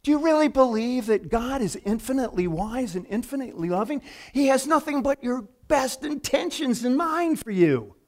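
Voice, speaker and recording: A man's voice: extremely high pitch, animated, moderate pace, few pauses, a little mellow. A male pastor giving a conversational sermon, telling stories and acting out the voices of people in them. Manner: storytelling, acting out quoted voices.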